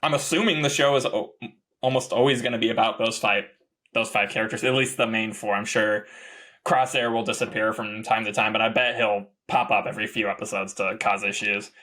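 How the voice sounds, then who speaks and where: A man co-hosting a podcast in casual chat, rambling and rising into excited outbursts. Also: on the low side, fairly quick. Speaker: podcast co-host.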